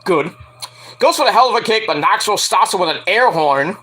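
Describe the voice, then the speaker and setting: A man's voice: sits high, lively intonation, a little fast, bright, forceful tone. A man giving a casual, profanity-laced solo review of a wrestling match, rambling and acting out what people said with sudden yelps.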